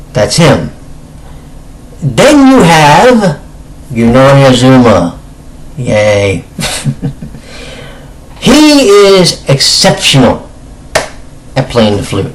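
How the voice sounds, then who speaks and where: A slightly hoarse man talks through a casual video review in a middle-pitched voice. He is chatty and emphatic and often stops to correct himself mid-phrase. He clears his throat now and then. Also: rough recording. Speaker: anime reviewer.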